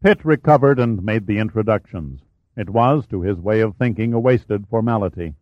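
A man giving a steady, measured audiobook narration. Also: lowish voice, no echo, muffled recording. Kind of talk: scripted narration.

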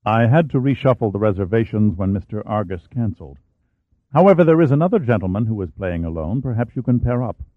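A man's voice: lowish voice, expressive, fast, no room sound. A man voicing a polite, formal male club manager. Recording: dry, tinny phone-like sound.

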